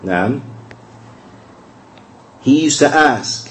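A man giving a recorded religious lesson in a conversational way. He repeats key phrases, asks rhetorical questions, and slows down to spell out verses. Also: medium pitch, expressive, rough recording. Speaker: religious teacher.

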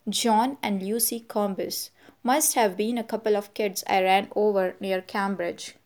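A woman reading the part of a careless young man who speaks slowly, puzzled and offhand. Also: mid-range voice, steady tone, darkish tone, natural voice. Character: careless young man, vague and self-centred.

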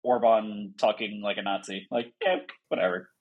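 A man's voice: on the low side, steady tone, moderate pace, husky, narrow, tinny audio. A man co-hosting a podcast in casual chat, jokey and teasing, laughing easily. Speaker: podcast co-host.

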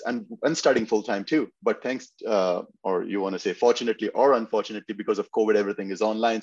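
A man's voice: fairly low pitch, a little mellow, no room sound, dull audio. A man guest on a podcast, chatting casually and telling long stories with restarts. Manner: storytelling, lots of restarts and fillers. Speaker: bodybuilder guest.

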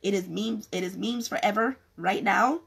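Woman, husky, gravelly, losing her voice, frank, rambling, casual vlog. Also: mid-range voice, normal speed, fairly bright tone. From California. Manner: frank, rambling with many restarts. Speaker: vlogger giving business advice. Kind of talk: casual talk to camera.

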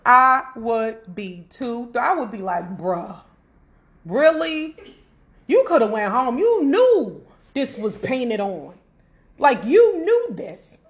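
Animated high-voiced woman podcast host. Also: slow. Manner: animated, laughing, talking to listeners. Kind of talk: casual chat.

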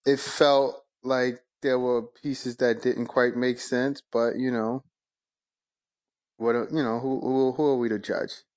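A man's voice: medium pitch, clean tone. A man co-hosting a podcast, chatting in a loose, laid-back way and laughing often. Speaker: podcast co-host. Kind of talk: casual chat.

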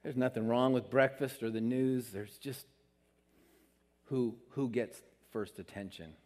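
A man's voice: medium pitch, steady tone, unhurried, darkish tone. A man preaching a sermon in an earnest, conversational way, with emphatic rises on his key points. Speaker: pastor. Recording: long hall reverb.

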